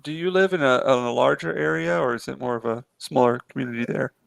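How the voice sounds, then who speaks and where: Casual male streamer, gravelly edge, dry close mic, rambling storyteller. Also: medium pitch, fast, dry recording. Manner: rambling with many fillers and restarts. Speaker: live-stream artist chatting with a viewer. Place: apartment in a city.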